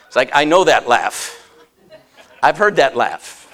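A man's voice: medium pitch, unhurried. A man preaching a humorous sermon, telling a story with jokes and frequent laughter. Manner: animated, joking, laughs often.

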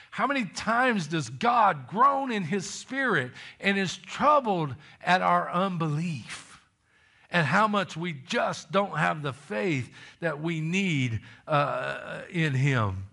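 A man's voice: sits high, creaky, bright, forceful tone. A man preaching a sermon, reading scripture and pressing the point with emphatic questions and calls for amens.

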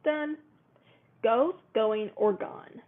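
A woman with a somewhat raised voice reads quiz questions aloud in a relaxed chat with a friend, laughing often. Her sound is narrow and tinny, as if heard over a phone line. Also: a little high, drawn-out words. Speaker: co-host.

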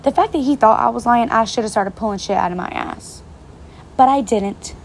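This casual vlog features a chatty young woman with a fairly high voice who swears freely as she tells her viewers a story at a moderate pace. There's a bit of hiss or hum in the audio and faint rain in the background.

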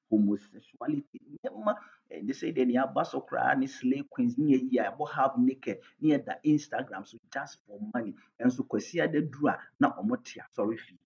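A pastor with a Ghanaian accent delivers an emphatic sermon in a creaky, husky, medium-pitched voice. He moves between English and Twi while his volume rises and falls. The lo-fi recording is dull.

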